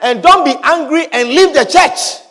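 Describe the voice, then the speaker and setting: A man preaching a sermon with emphatic repetition and sudden shouted lines. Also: very high-pitched, normal speed, long reverb tail. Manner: emphatic, repeats phrases, bursts into shouts.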